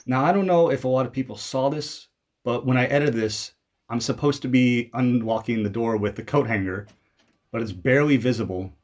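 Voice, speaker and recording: A man's voice: medium pitch, brisk, a little mellow. A young man from Canada giving casual commentary over his own old video, rambling and poking fun at himself, with many fillers and restarts.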